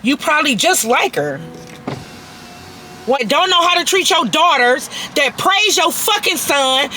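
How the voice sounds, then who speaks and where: Angry woman vlogger, high bright voice, profane and emphatic, with faint noise behind. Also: big pitch swings, a little slow, rough recording. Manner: profane, emphatic, repeats herself for force. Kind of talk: angry personal rant to camera.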